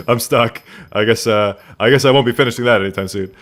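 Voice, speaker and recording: A man's voice: medium pitch, fairly quick, a bit bright. A man streaming a game live from his room at home, rambling casually and answering chat questions aloud.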